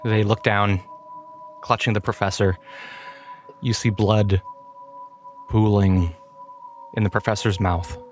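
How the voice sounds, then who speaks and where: A man narrating a tabletop game as game master in a slow, measured way. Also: lowish voice, steady tone, soft background music.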